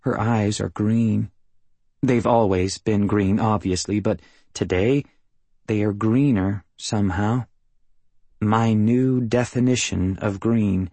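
Male audiobook narrator, first person, measured, matter-of-fact, lowish voice, dry close sound. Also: fairly even intonation, dark tone, no room sound.

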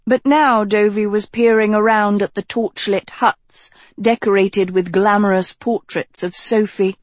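A woman narrating an audiobook in a measured, unhurried storytelling manner. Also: mid-range voice, steady tone, dry recording.

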